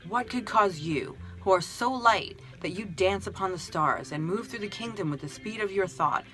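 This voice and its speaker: A woman voicing an innocent, childlike little soul who asks excited, pleading questions in a storybook reading. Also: mid-range voice, normal speed, faint music behind, pitched above the performer's own voice, close to an everyday voice. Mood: awed.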